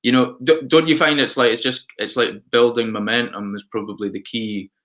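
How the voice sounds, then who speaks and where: A man's voice: medium pitch, steady tone, fairly quick, fairly bright tone. A man hosting a casual podcast interview, encouraging and upbeat as he talks with his guest. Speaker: podcast host.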